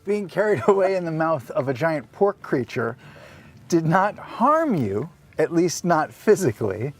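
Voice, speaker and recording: A man acting as game master, narrating a tabletop game haltingly and filling the gaps with uh and um. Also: a little high, sing-song. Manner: hesitant narration full of fillers.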